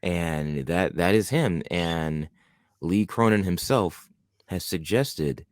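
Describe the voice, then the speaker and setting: A man's voice: low voice, slow, dry recording. A man co-hosting a podcast, chatting casually and enthusiastically about a horror film, rambling with many restarts. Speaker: podcast co-host. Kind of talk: casual film review chat.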